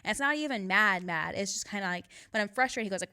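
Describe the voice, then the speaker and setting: A woman's voice: medium pitch, quick pace, pushed and bright, smooth. A woman guest on a podcast, talking candidly and casually, with a lot of swearing and frequent laughter. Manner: candid, profane, laughs often. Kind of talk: casual chat.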